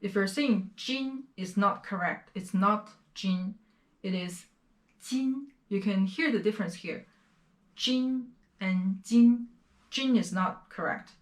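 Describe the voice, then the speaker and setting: A woman from China teaching a beginner Chinese lesson, explaining words slowly and repeating each pronunciation several times. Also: medium pitch, fairly bright tone, reverberant. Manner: slow, careful explanations with repeated pronunciation drills.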